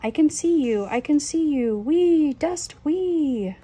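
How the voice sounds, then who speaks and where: A woman's voice: mid-range voice, unhurried, dark tone, slightly rough. Woman reading as a messy cheerful young rat.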